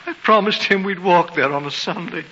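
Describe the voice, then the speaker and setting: An actor playing a gentle, loving poor clerk and father in a 1940s radio drama, with a warm, fatherly manner. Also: sits high, brisk. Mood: grieving. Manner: warm, fatherly, soft-spoken. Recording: dull hissy broadcast with long reverb.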